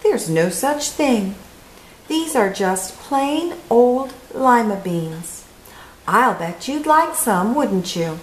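A woman voicing a kind, plump old woman in a storybook reading, speaking gently and slowly. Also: on the high side, expressive, echoey room, a little hiss or hum, rough recording. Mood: gentle.

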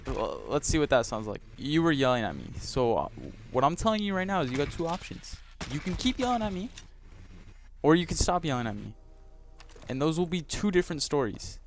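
Fast, calmly stammering man. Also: fairly high pitch, slight background noise. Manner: calm, stammering, provoking. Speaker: prank gamer. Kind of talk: prank call in game voice chat.

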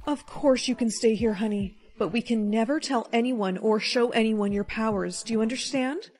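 High-voiced young woman acting a skit. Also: moderate pace, soft background music. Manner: expressive, gasping surprise. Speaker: storyteller. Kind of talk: POV skit storytelling.

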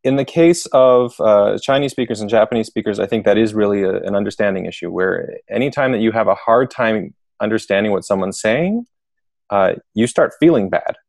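Male guest author, low gravelly voice, dry close sound, explanatory. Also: a little fast, a little mellow, dry recording. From United States. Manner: thoughtful, explanatory, frequent fillers. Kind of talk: casual interview.

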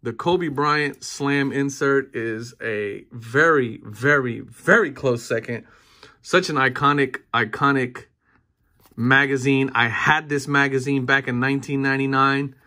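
A man in his thirties opens trading card packs with excited, casual commentary, often repeating himself and breaking into cheers. He speaks at a measured pace with medium pitch.

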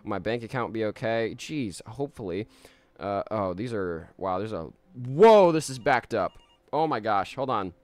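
A man's voice: fairly low pitch, lively intonation, normal speed, darkish tone, no echo. A man live-streaming a game, chatting casually, laughing often and reading chat messages aloud.

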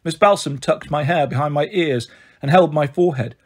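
A man reading a children's novel aloud in a calm, steady storytelling voice. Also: a little high, moderate pace, husky. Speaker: audiobook reader. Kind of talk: storybook narration.

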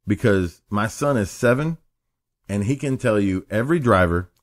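A man's voice: on the low side, animated, normal speed, no echo, studio quality. A man, hosting a casual podcast chat and telling rambling, profane stories. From Appalachia. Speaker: podcast host.

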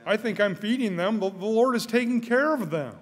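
Older male preacher, high voice, earnest sermon, stutters on first words, long church reverb. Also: animated, fairly quick. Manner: earnest, repeats his words, rises in pitch and volume when stirred. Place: church sanctuary.

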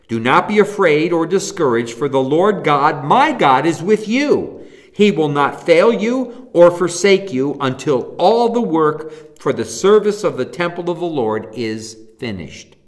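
A man teaches a church Bible class in a somewhat high voice that swings widely in pitch. He reads scripture passages aloud and drives his points home with emphatic questions to his listeners. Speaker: pastor.

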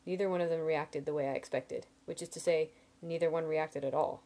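Brief: woman narrator at home, low-key and mellow, fairly low voice. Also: steady tone, a little fast. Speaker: audiobook reader. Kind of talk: reading a novel aloud.

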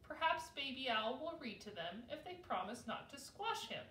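Woman doing a gentle storybook dad owl, lowered, echoey. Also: big pitch swings, normal speed, exaggerated voice. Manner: soothing, kindly. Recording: roomy, from a distance.

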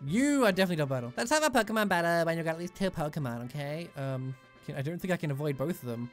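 Over faint music, a young man gives casual, joke-filled gameplay commentary as he plays a video game. His voice is on the high side and expressive, and he talks fast with few pauses.

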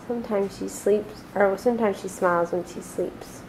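A woman's voice: mid-range voice, steady tone, moderate pace, darkish tone, a little hiss or hum. A mother at home talking to her newborn in sing-song, coaxing baby talk, recorded on a camcorder. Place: at home, indoors. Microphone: built-in camcorder mic.

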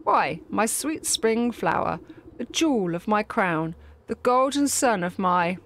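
A woman's voice: medium pitch, lively intonation, a little slow, a little hiss or hum. A woman voicing a timid male beekeeper who fawns over his queen in a doting, flustered way. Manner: fawning, flustered. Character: fawning lovesick male beekeeper, timid servant.

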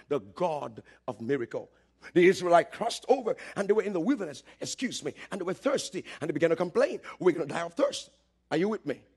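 A man preaching a sermon with great passion, telling a story, calling out to the congregation and rising to shouts. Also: high-pitched, breathy edge. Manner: impassioned, building to shouts, calls for audience response. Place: church service, streamed live.

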